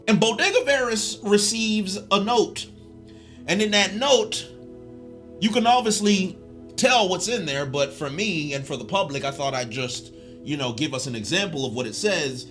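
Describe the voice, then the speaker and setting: A man giving a casual commentary recap as a video essayist, animated and joking, with a slangy way of talking. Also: high voice, moderate pace, soft background music.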